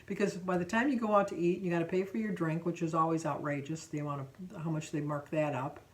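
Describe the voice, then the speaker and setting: A woman's voice: low-pitched, steady tone, fast talker, far from the mic. Chatty woman vlogging, a bit off-mic. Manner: rambling, chatty, with frequent ums and self-corrections. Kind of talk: casual vlog chat.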